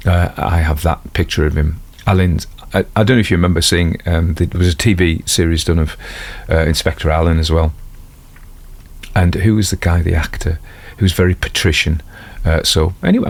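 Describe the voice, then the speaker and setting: A man's voice: low-pitched, creaky. A man with a Geordie accent, an audiobook narrator talking casually about a detective series in a rambling, self-deprecating way with many fillers and asides. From North East England. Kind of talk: casual spoken commentary.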